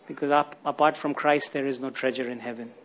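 A man's voice: medium pitch, steady tone, brisk, fairly bright tone. A man preaching a sermon, often asking his listeners rhetorical questions and tagging lines with "isn't it?".

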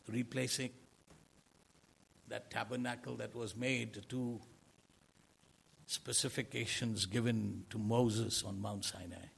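A man's voice: fairly low pitch, fairly even intonation, slow pace, vocal fry, pauses often, breathy edge. A man preaching a sermon in an earnest way, asking rhetorical questions and swelling into emphasis.

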